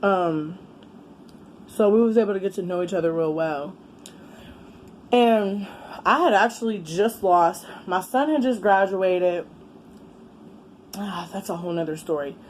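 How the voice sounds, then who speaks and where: A middle-aged woman, chatting casually as a vlogger while eating, exclamatory and quick to laugh. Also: medium pitch, slight background noise. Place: home, with a fan running.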